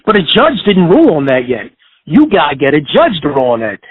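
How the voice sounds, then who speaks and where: A man's voice: fairly high pitch, sing-song, brisk, slightly rough, no echo. A man hosting a radio talk show, lecturing insistently and repeating his points. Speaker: radio host giving legal advice. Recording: dry phone-line sound.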